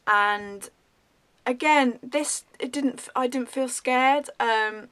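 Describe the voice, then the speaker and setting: A woman vlogger telling a story in a rambling, animated way, full of ums. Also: high voice, takes it slowly. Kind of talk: casual storytelling.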